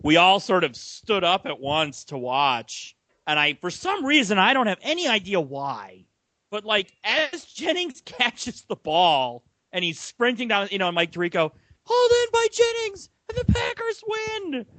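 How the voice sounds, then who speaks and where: Animated young man telling podcast stories. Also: sits high, measured pace, no echo. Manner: animated storyteller, laughs while telling stories. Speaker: podcast co-host. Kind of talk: casual sports podcast chat.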